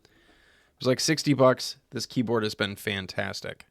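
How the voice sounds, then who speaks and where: A man's voice: lowish voice, unhurried, vocal fry, a bit bright, no room sound, studio quality. A young American man hosting a beer tasting live stream from home, chatting loosely with his viewers, swearing casually and trailing off mid-sentence. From United States. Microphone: desk microphone.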